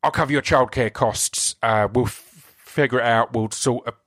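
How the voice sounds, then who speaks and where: Podcast host, a man with an Essex accent, mid-range voice in a dry booth, talks fast and excited with lots of restarts. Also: medium pitch, no room sound. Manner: enthusiastic, rambling, self-interrupting. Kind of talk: solo podcast intro.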